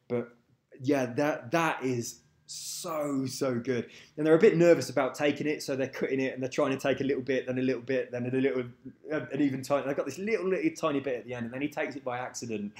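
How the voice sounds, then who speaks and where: A man's voice: mid-range voice, darkish tone, reverberant. A man chatting casually and rambling on, cursing now and then, at home. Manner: rambling, loose, swears casually. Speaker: video commentator. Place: at home, moving away from the mic.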